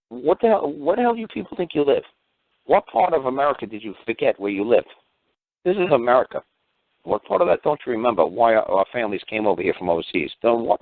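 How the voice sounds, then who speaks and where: A man's voice: mid-range voice, creaky, dry recording. A man on a call-in show, launching into a heated, profane rant full of rhetorical questions. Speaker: guest speaker on a call-in show. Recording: dry tinny phone line.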